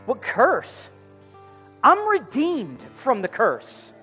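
A man preaching a sermon in a church, animated and acting out little comic dialogues. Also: very high voice, drawn-out words. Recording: music under voice, long hall reverb.

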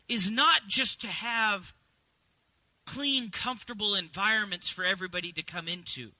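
A middle-aged man delivers a sermon in a high, ringing voice. He moves between relaxed, chatty storytelling and emphatic preaching, and the sound is close and dry. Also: no echo, poor audio. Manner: conversational, rising to emphatic preaching. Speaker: pastor.

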